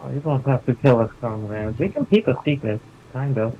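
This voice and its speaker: A man's voice: mid-range voice, fairly quick, narrow, tinny audio, slight background noise, lightly acted. A man voicing a blunt young woman soldier who teases her companions. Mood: teasing. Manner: blunt, teasing.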